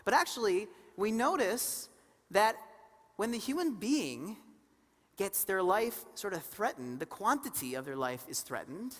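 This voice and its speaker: Bright-voiced woman teaching in a reverberant hall. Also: mid-range voice, measured pace. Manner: animated, questions the audience, acts out stories. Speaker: seminar co-presenter. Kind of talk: live seminar teaching. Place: conference hall before an audience.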